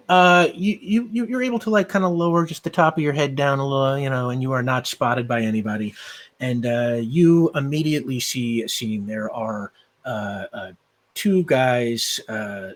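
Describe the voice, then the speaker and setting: A man's voice: medium pitch, normal speed. Rambling male game master. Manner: rambling, loose, many fillers. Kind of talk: narrating a tabletop game.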